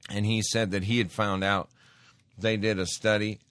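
A man with a fairly low voice talks about faith in a monologue. He tells his stories with sudden emphatic bursts. The recording is close and dry. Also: moderate pace, no echo. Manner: animated storytelling with emphatic bursts. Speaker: radio host.

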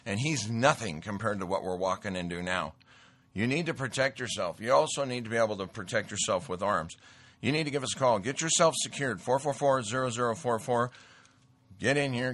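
Recorded without echo, this middle-aged show host has a medium-pitched, fairly bright voice. He delivers political commentary and a sales pitch in an emphatic, rambling way, often saying the same things again.

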